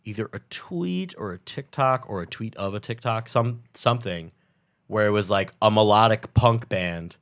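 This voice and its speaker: A man co-hosting a podcast in casual chat, answering with short quick reactions and quips. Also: on the low side, lively intonation. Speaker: podcast co-host.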